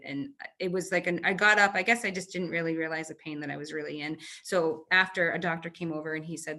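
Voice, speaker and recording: A woman in her thirties, a marathon runner, telling stories in an interview on a video call, animated, with quick restarts and fillers. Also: deep voice. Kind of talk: conversational interview storytelling.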